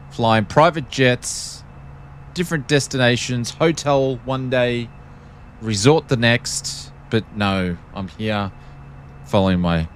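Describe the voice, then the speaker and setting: Give me a low-pitched Australian man casually joking his way through a flight sim stream. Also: a little hiss or hum. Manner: joking, rambling, self-deprecating. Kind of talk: casual live-stream chat.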